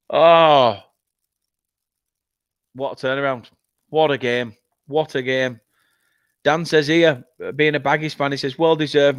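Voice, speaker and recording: A man from England hosting a live football watchalong, reading out viewer comments in an excitable, emotional, chatty way. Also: medium pitch, smooth, dry recording, studio quality. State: upset, has been crying. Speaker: football fan channel host.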